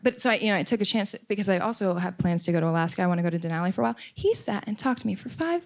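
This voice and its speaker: A woman hosts a relaxed interview. She asks her guest about his past and teases him with quick comebacks. Her voice sits at a middle pitch. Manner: teasing, quick-witted questioner. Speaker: podcast host. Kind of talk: casual interview chat.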